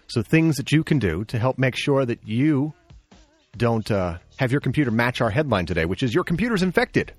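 Lively man co-hosting a radio tech show. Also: medium pitch, moderate pace, no echo, soft background music. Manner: lively, bantering, gives advice directly. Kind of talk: casual radio tech talk.

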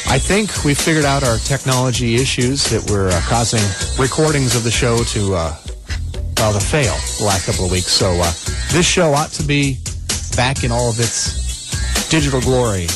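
A man's voice: medium pitch, lively intonation, moderate pace, loud music behind the voice. A man hosting a radio show from a studio, chatting casually and animatedly with his co-host and laughing easily. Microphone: studio microphone.

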